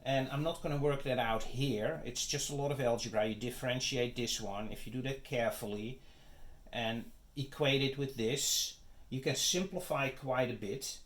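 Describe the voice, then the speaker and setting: In a math lecture, a male teacher with a medium-pitched, slightly bright voice speaks at normal speed. He takes the material one step at a time, frequently asking "okay?" and "right?" to check in.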